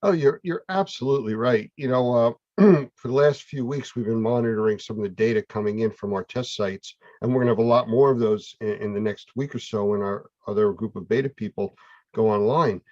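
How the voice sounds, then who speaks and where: A man's voice: lowish voice, brisk, darkish tone, no room sound. Man host on dull, dry call audio. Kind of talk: casual chat.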